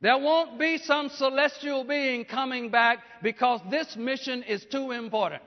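A man preaching a sermon, often asking the congregation questions and rising to loud, emphatic peaks. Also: extremely high pitch, a little slow, hardly any pauses. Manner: call-and-response preaching, asks the congregation questions. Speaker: pastor. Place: church. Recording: dull lo-fi church hall recording.

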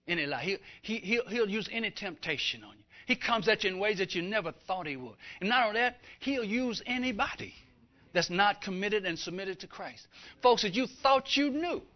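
A man preaching a sermon emphatically, building to fervent, loud passages. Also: sits high. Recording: dull lo-fi recording.

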